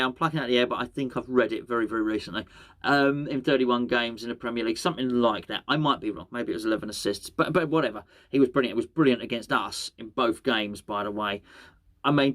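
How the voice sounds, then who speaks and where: Rambling male football podcast host. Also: medium pitch. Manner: rambling, self-correcting, repeats words. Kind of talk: casual solo football chat.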